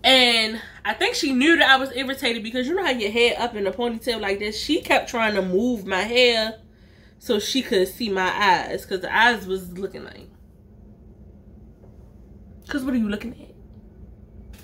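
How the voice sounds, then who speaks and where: Woman vlogger, casual storytime, slangy, emphatic, bright forceful tone, fairly high voice. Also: a little slow, long pauses. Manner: animated, slangy, emphatic retelling; acts out other people's lines in her own voice.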